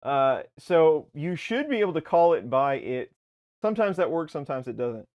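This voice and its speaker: A man's voice: a little high, sing-song, moderate pace, dull audio. Rambling man on a casual tech livestream. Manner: rambling, self-correcting, explains as he goes. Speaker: livestream co-host. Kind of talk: casual live tech chat. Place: home basement studio.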